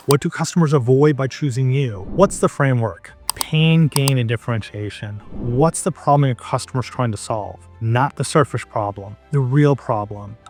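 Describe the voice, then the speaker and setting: A man's voice: medium pitch, a little mellow. A man hosting a business podcast, giving advice in an emphatic, punchy monologue.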